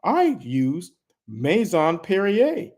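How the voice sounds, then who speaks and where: A man's voice: sits high, wildly swooping pitch, very slow, a little mellow. A man hosting a live daily show, chatting casually in a rambling way with lots of asides and restarts. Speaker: host. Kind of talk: casual livestream chat.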